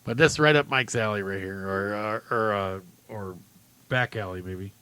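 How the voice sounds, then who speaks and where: A man's voice: on the low side, normal speed, bright, forceful tone, smooth. A man hosting a casual talk-radio show, reading odd stories aloud, chuckling often and rambling loosely.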